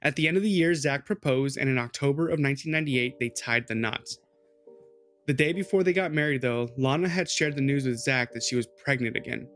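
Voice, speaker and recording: A man's voice: medium pitch, brisk, fairly bright tone, soft background music. A man co-hosting a podcast, telling a true crime story in a loose, rambling, casual way. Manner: loose, rambling, with lots of "like" and "dude".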